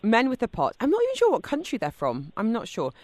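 A woman's voice: on the high side, wildly swooping pitch, fast, a little mellow, no echo. A woman hosting a radio chat show, talking with gushing enthusiasm about food and camping.

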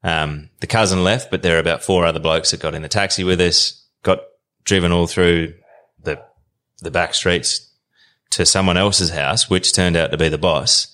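Australian man in his 30s, deep, relaxed yarn-spinning guest. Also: normal speed. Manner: animated, colloquial yarn-spinner. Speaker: podcast guest. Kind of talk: casual storytelling.

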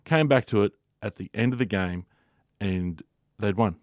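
Deep-voiced Australian man joking around. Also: no echo. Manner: joking banter with quick teasing quips. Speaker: podcast co-host. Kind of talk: casual chat.

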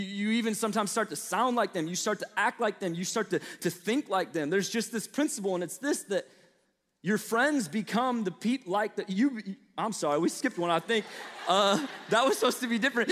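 A young man from the US Midwest, with a light Southern twang, preaches to college students in a casual, chatty, storytelling way packed with fillers and asides. His voice is very high-pitched with a fairly bright tone, heard in a large hall.

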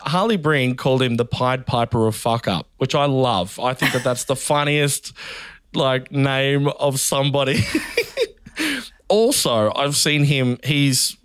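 An Australian man in his thirties chats as a podcast guest, telling lively comic stories and breaking into laughter. His voice is smooth and resonant. The sound is close and dry, with no room around it. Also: medium pitch, dry recording. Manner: animated storytelling, laughs often. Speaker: guest comedian. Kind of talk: casual podcast chat.

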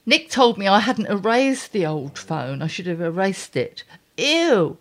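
A middle-aged woman reads her column aloud, her pitch roaming up and down as she goes. She breaks off into blunt, exasperated asides with a dry, wry humour. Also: very animated, moderate pace. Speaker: columnist and podcast host.

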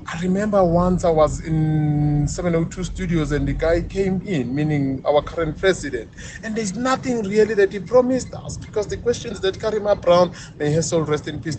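A young South African man leaving a frustrated, exasperated voice note for a radio show. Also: sits high. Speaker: caller sending a voice note. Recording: noisy voice note.

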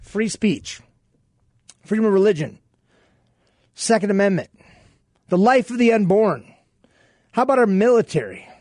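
A man's voice: sits high, expressive, a little slow, pauses often, darkish tone, dry recording, clean studio sound. A man guest-hosting a political talk radio show, telling stories and acting out quoted exchanges. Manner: storytelling, acts out quoted exchanges.

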